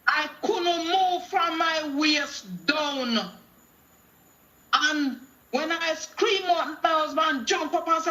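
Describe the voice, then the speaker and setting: A woman's voice: high voice, slow, bright, forceful tone. A middle-aged woman with a Jamaican accent, calling in to a talk show with a preachy testimony that quotes scripture and acts out dialogue in patois. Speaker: caller.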